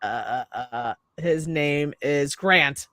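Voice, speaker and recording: A woman's voice: deep voice, takes it slowly, a loud crowd. A young adult woman hosting a horror review show, retelling a movie in casual chat with lots of swearing and quoted lines. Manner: profane, animated retelling with quoted voices.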